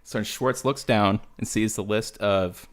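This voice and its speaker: Profane storytelling man, lowish voice. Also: measured pace. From United States. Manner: profane, animated storytelling with laughter. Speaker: podcast host. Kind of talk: casual storytelling chat.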